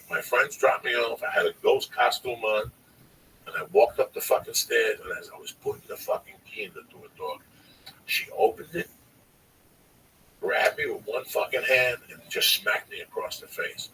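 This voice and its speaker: A man's voice: mid-range voice, vocal fry, pushed and bright. A man around sixty telling a long personal story on a podcast, cursing freely and rambling with emphasis. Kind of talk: casual storytelling. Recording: distant mic, faint noise.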